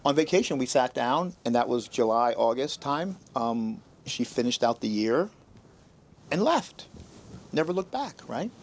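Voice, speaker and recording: A man hosting a podcast, telling personal stories in a casual, animated way and acting out what others said. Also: mid-range voice, measured pace. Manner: animated storyteller, acts out quotes in raised voices. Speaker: podcast host.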